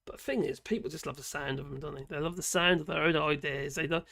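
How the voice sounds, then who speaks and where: A croaky, hoarse man rambling through opinionated political commentary on a live stream. His voice sits a bit high for a man and is heavy with gravelly fry. He talks casually and haltingly, full of fillers and colloquial asides. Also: sharp tone.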